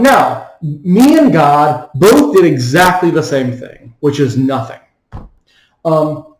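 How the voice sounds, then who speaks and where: A man's voice: on the high side, a little mellow. Hesitant male philosophy lecturer, echoey room. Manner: hesitant, many ums and restarts. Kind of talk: recorded lecture.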